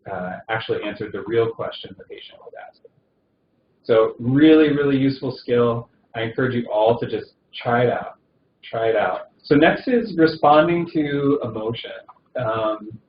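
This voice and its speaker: A man teaching a recorded session on palliative care, talking conversationally with many fillers and restarts. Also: mid-range voice. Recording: dull roomy recording with faint noise.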